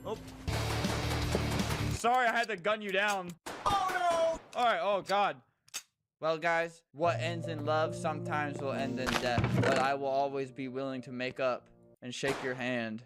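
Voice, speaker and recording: A man doing casual gaming commentary as a YouTuber, energetic and jokey, yelping and exclaiming. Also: on the high side, a little slow, long pauses. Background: game music.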